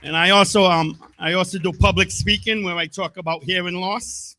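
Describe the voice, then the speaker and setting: A man's voice: high voice, steady tone, normal speed, sharp tone. A male comedian guest chatting casually, jokey and rambling. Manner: jokey, rambling, self-deprecating. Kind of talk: casual interview chat.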